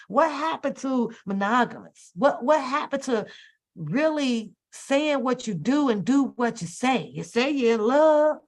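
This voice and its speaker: A woman's voice: high-pitched, a little slow. Exasperated woman ranting on a live stream. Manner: animated, exasperated, profane ranting. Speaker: host. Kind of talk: casual live-stream chat.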